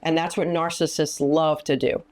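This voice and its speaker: A woman's voice: deep voice, flat delivery, normal speed. A woman counselor and minister teaching in an interview, speaking emphatically and giving practical advice. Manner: emphatic, often acting out quoted lines.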